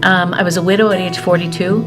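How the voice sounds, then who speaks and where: A woman's voice: lowish voice, steady tone, quick pace. A woman in her sixties reminiscing about her partner. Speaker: interviewee. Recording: music behind.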